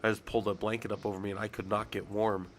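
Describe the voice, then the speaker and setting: A man chats on a live stream in a low, gravelly voice, stuffed up with a cold. He rambles and curses freely while answering his chat. A faint hiss sits under the recording. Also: level tone, quick pace. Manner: profane, rambling, talks to chat. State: congested and sick. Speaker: streamer talking through job requirements.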